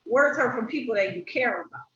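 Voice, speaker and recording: A woman's voice: on the high side, animated, fairly quick, a bit bright. A woman hosting a podcast, asking curious, encouraging questions in a casual interview. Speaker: podcast host. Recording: dull, echoey, distant with faint noise.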